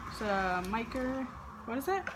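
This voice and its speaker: A woman's voice: on the high side, very animated, normal speed. A young mother in a home video, coaxing her toddlers to say words in a sing-song voice. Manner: coaxing sing-song talk to small children. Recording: noisy home recording.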